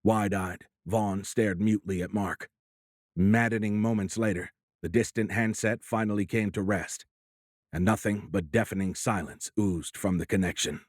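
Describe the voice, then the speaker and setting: Male audiobook narrator, low voice, measured dramatic reading, dry close mic. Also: fairly even intonation, dry recording. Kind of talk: scripted narration.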